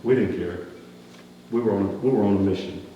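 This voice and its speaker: A man, a pastor, playing a skeptical, rough-spoken outcast shepherd in a first-person dramatic sermon, talking. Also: on the low side, moderate pace, lo-fi sound, voice pushed down, lightly acted. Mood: earnest. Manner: folksy, colloquial grammar, rising animated questioning. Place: church sanctuary. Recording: echoey hall, distant mic, faint hum.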